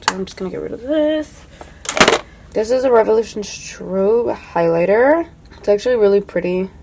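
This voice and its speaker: A young woman talks through her makeup collection in a relaxed, rambling way, sprinkling "like" everywhere. Her voice sits at an ordinary middle pitch for a woman. She often drops quiet and breathy when she admires a product. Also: moderate pace, slight background noise. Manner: chatty, full of "like", drops to a soft hush when admiring products. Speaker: beauty vlogger. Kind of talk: casual makeup declutter chat.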